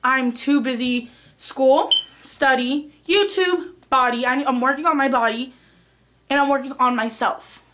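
A teenage girl with a high, light voice talks straight to her viewers in a casual storytime vlog. She is chatty and animated as she recounts the exchange. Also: measured pace. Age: teens. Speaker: vlogger.

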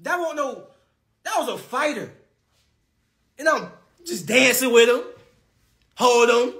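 A man's voice: very high voice, big pitch swings, unhurried, sharp tone. A young man trash-talking rivals on a phone live stream, brash and taunting, often laughing and repeating himself. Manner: brash, taunting, repetitive, laughs mid-sentence. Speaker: boxer on a social media live stream.

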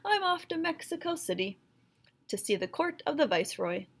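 A woman's voice: high-pitched, big pitch swings, moderate pace, gravelly, voice pushed up, full character voice. A woman doing a plucky little one-legged rooster. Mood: determined. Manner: earnest, insistent pleading.

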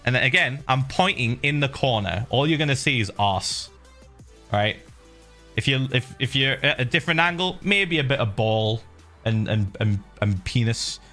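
Lively man telling a story. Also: medium pitch, normal speed, soft background music. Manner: laughs and swears freely, lively and expressive. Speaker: streamer. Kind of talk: animated storytelling to a live chat.

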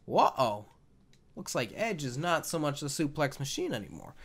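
A man's voice: on the high side, wildly swooping pitch, fairly quick, creaky, fairly bright tone, husky. Jokey, swearing man narrating a game. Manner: jokey, profane, rambling. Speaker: video game commentator. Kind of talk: casual gameplay commentary.

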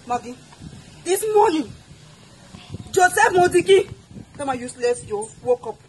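A woman doing a fiery cameroonian wife, super high voice, wails, swings all over. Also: noisy background. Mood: ranting. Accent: Cameroonian English. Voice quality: shrill, wailing outbursts. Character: loud betrayed wife, dramatic and fiery. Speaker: comedian. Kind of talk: comedy sketch acting.

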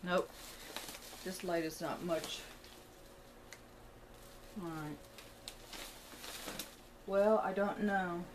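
A woman's voice: fairly low pitch, fairly even intonation, very slow, pauses often, noisy background. A woman chatting to her camera at home as she shows a shopping haul, thinking aloud and rambling as she goes. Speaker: vlogger showing a shopping haul. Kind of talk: casual chat to camera. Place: indoors at home, room with a closet. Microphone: camera on a tripod.

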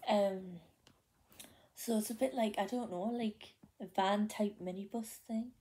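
A young Geordie woman chats to her camera and tells a long story from her day, looping back with plenty of ums, likes and restarts. Her voice is mellow and soft, never sharp. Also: mid-range voice, steady tone, measured pace. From North East England. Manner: rambling, many fillers and restarts. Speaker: vlogger. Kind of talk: casual chatty storytelling.

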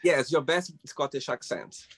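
A man's voice: mid-range voice, unhurried, husky. A man hosting a casual interview, encouraging his guest and laughing often, with loose phrasing. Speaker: host. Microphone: video call.

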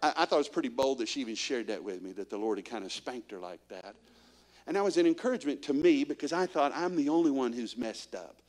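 A man's voice: mid-range voice, quick pace. A man, preaching a guest sermon in a church and quizzing the congregation with question after question. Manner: animated storyteller, quizzing the congregation with repeated questions.

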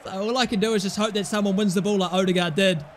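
A young man commentating his own football gameplay, excitable, yelling and swearing at the game. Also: high-pitched, quick pace, a little hiss or hum. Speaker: gaming YouTuber.

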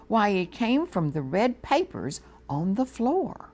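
A woman with an American accent reading a storybook aloud to children on a TV show, slow and gently expressive. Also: medium pitch. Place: TV studio.

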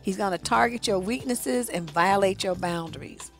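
A woman's voice: mid-range voice, normal speed, soft background music. A woman relationship coach giving blunt, profane, conversational advice straight to her audience. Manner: conversational, addresses the audience directly. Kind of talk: casual advice monologue.

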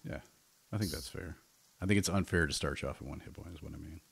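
A man running a tabletop game as game master, talking in a halting way with many restarts. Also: very deep voice, creaky, slightly rough. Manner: halting, full of restarts and fillers.

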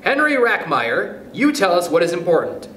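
A man puts on a tiny mouse teacher, fussy and brisk, bossing the class about in a raised voice that bounces all over. It rings in a roomy space with a faint hiss behind. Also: high voice, wildly swooping pitch, a bit bright, voice pushed up, heavily acted. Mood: lively. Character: tiny self-assured mouse playing schoolteacher. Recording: roomy echo, faint noise.

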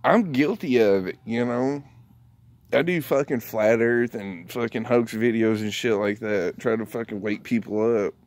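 A man ranting casually into the camera, rambling from point to point and swearing freely as he goes. He talks at an unhurried, drawn-out pace in a middle-pitched voice. The sound is dry and close, with no room echo. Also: darkish tone. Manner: profane, rambling, laughs often. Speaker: vlogger.

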